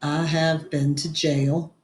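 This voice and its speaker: A woman voicing a shy, quiet grown man who stammers softly and speaks slowly. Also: low-pitched, flat delivery, echoey room, slight background noise, voice pushed down. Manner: halting, stammering, slow and soft.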